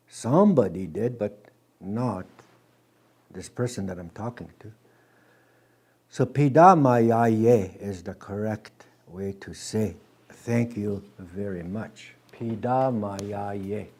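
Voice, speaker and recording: A man teaching a language class, patient and gentle, repeating words slowly with many halting restarts. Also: medium pitch, slightly rough.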